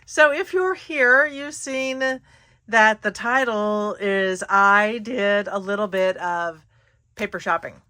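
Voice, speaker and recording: A woman's voice: medium pitch, slow pace, sharp tone, clean tone. A woman hosting her craft channel, chatting casually and giggling through a paper haul with lots of fillers. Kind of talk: casual haul video chat.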